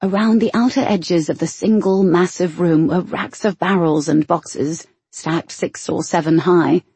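A woman reads a novel aloud in a measured, expressive way. Her voice sits low and husky with a mellow, dark color, and the recording is close and dry. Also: dry recording. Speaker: audiobook narrator. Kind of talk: scripted narration.

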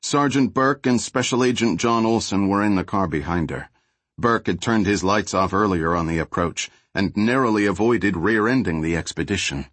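Low, husky male audiobook narrator. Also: normal speed, fairly bright tone, no echo. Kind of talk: scripted narration.

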